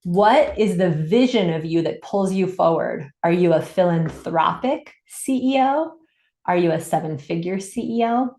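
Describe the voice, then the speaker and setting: An upbeat woman coach talks through a live webinar in a slightly low voice, cheering on her listeners and reading their comments back to them. She sounds roomy and echoey, recorded over a video call. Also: expressive, measured pace, mellow. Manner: upbeat, encouraging, reads chat comments aloud. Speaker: summit host and business coach. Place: home in Santa Cruz. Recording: echoey room.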